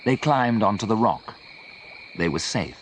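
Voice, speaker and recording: Slow, animated male storybook narrator. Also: lowish voice, a little hiss or hum. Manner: slow, clear, simple reading. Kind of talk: scripted storybook narration for learners.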